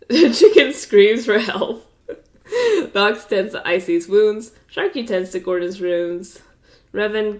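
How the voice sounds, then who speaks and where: A congested woman streaming, reading out game events with amused, offhand asides and frequent laughter. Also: medium pitch.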